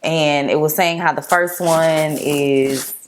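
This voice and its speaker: A woman's voice: low voice, slow pace, a little hiss or hum. A young adult woman telling the story of her relationship in casual, rambling speech full of "like". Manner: relaxed, rambling, lots of "like". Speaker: co-host telling a couple's story.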